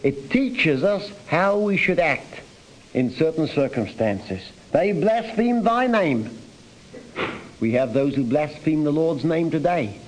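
Guy preaching on a psalm, earnest, kinda high voice, radio broadcast sound. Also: lively intonation, unhurried, slight background noise, poor audio. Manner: earnest, rising and falling emphasis, reads scripture aloud. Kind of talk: sermon on a psalm.

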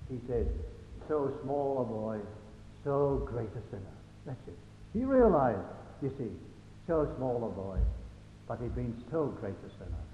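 Brief: male preacher, fervent and questioning, in a roomy hall, faint hiss on the tape. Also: a little high. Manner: earnest, rising to fervent emphasis, asks the hearers rhetorical questions. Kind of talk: gospel sermon. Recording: echoey hall on a lo-fi phone-like recording with faint hiss.

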